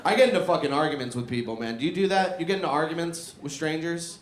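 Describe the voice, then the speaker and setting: A young man performs a profane stand-up set at a comedy club inside a barbershop, laughing through his own punchlines. His voice is a little high and fast. The room is echoey, with crowd and audience noise.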